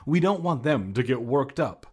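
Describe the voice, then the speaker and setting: A man reading aloud and voicing a calm, cautious middle-aged uncle giving warnings. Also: mid-range voice, normal speed, breathy edge.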